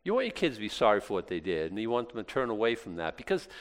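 A man's voice: on the low side, very animated, rapid-fire. A male pastor preaching in a casual, conversational way, acting out little prayers and back-and-forth dialogue. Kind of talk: sermon. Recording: long hall reverb.

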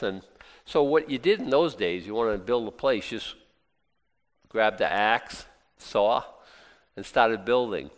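A man preaching in a low voice, loose and folksy, drifting into asides before finding his point again. The sound carries a long hall reverb behind it. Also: slow pace, pauses often. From United States. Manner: folksy, rambling, self-interrupting with asides. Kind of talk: conversational sermon.

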